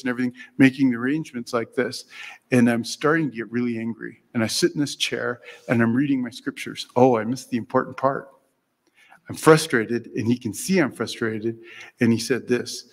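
A man's voice: mid-range voice, brisk. Man, earnest storyteller at a lectern, long hall reverb. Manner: earnest storytelling, acting out his own thoughts. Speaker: speaker giving a religious lecture. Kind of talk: devotional talk with personal stories. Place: meeting room before an audience.

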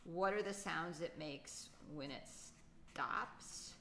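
A woman's voice: low-pitched, a little slow, fairly bright tone, slight background noise. A woman teaching a children's poetry lesson, patiently thinking aloud with many fillers. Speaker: writing teacher.

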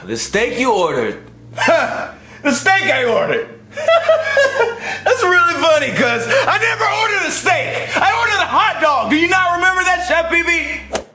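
A man voicing a hot-tempered, petulant male chef who rants, shouts and throws tantrums. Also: extremely high pitch, huge pitch swings, a little slow, roomy sound, faint music behind, exaggerated voice. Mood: ranting.

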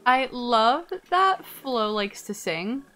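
A young adult woman streaming a life-sim game, chatting casually and reading game text aloud. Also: a little high. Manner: chatty, reads game text aloud, quick swings from excited to irritated. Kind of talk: casual let's-play commentary.

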